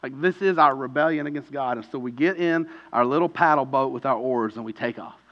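A man preaching a sermon in a conversational way, telling vivid stories and building to loud pleading peaks. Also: mid-range voice, a little fast, muffled recording. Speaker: pastor.

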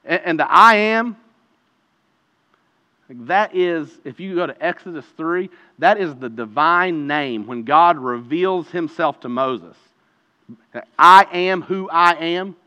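A man preaching a conversational sermon as pastor, earnest and emphatic, moving between hushed and loud delivery. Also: a little high, lively intonation, measured pace. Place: church sanctuary. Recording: reverberant hall, dull lo-fi sound.

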